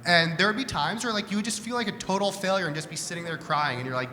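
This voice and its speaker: A man fields questions from the audience at a live Q&A in an event hall, talking frankly and casually while frequently starting his words over. He's a fast talker with a high, sharp voice and few pauses, captured with hall reverb and faint room noise.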